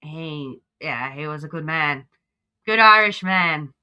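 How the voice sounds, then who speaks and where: Australian woman, reaction streamer; lowish voice with a very bright, forceful edge; chatty. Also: animated, takes it slowly, clean tone, highs cut off. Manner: chatty, talks back at the clip. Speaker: livestream host. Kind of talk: casual reaction commentary.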